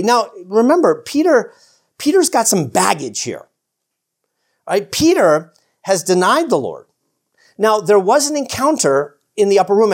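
A man teaching the Bible in a casual, animated way. He often chuckles, restarts his sentences and acts out the characters' lines. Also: on the high side. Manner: rambling with many restarts and "you know".

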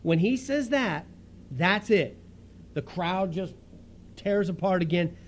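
A man with a fairly high voice delivers a sermon, telling the story with animated, chuckling energy. A faint hum sits under his voice. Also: slow pace, dull audio. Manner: lively storytelling, acts out the scene with chuckles. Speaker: pastor.

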